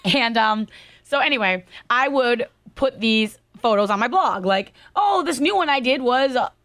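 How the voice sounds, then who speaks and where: A young adult woman co-hosting a podcast, telling stories in a chatty, animated way. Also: a little high, moderate pace, no room sound. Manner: chatty, animated storytelling with laughs. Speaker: podcast co-host. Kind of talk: casual chat.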